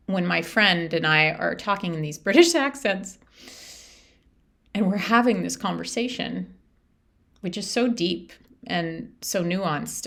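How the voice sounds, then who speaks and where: Earnest middle-aged lady podcasting solo, kinda gravelly, lowish voice, repeats herself a lot. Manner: earnest, repetitive, heartfelt. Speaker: podcast host, life coach. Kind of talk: reflective solo podcast talk.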